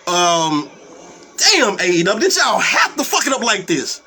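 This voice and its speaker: A man's voice: sits high, huge pitch swings, measured pace, background noise. A young man hosting a wrestling talk stream, ranting angrily with a lot of cursing and repeated, stumbling words. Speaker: wrestling commentary host. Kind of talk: profane live-stream rant.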